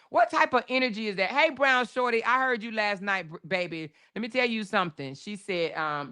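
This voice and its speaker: A woman hosts a livestream and vents straight at her chat in a casual rant. She swears freely and calls out viewers by name. Her voice stays smooth and resonant under all the heat. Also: medium pitch, expressive, a little fast, bright, forceful tone. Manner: heated and profane, addressing viewers directly. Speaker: livestream host.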